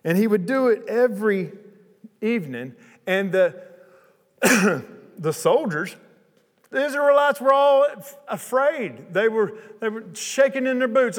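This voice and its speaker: A man preaching a sermon, retelling a Bible story in a casual, lively way with chatty asides. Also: high voice, measured pace, big-room sound.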